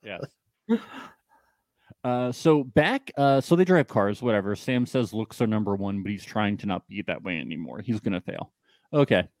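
A man's voice: fairly low pitch, expressive, moderate pace, darkish tone, dry recording, studio quality. A young man co-hosting a podcast, recapping a reality show with sarcastic jokes and lots of "uh"s. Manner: joking, sarcastic, many fillers. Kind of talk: casual chat.

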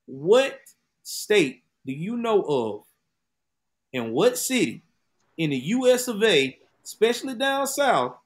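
A man's voice: sits high, sing-song, slow pace. A man hosting a true-crime interview podcast, talking emphatically and straight to his listeners. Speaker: host.

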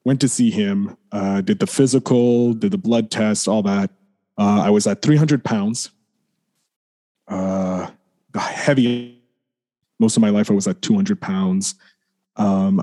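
Low, mellow-voiced man telling a personal story. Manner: rambling, heavy use of "like", frequent restarts, swears and apologizes. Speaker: podcast guest.

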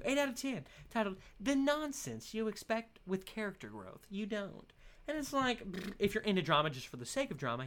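A man hosting a casual solo podcast, rambling and laughing his way through his points. His pitch swoops up and down in a lively way. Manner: giggly, animated, rambling with fillers and laughs. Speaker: podcast host.

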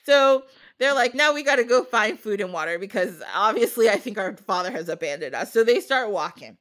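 Chatty lady podcaster telling a folk tale, laughs a lot, slangy, mid pitch. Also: lively intonation, brisk, a bit bright. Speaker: podcast host. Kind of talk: casual storytelling.

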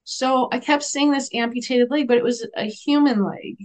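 Woman guest, animated storyteller, slightly high voice, acts out the dialogue. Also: normal speed. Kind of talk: storytelling in a podcast interview.

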